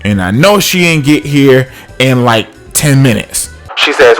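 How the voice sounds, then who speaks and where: A man's voice: medium pitch, expressive, unhurried, faint music behind. A man casually telling a comic personal story, acting out the other people's voices.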